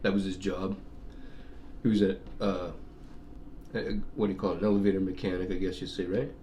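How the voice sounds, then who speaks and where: A man's voice: sits low, level tone, a little fast, dark tone, a little hiss or hum. A middle-aged man from Canada, casually telling a rambling, profane story and laughing often. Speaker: vlogger. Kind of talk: casual chat.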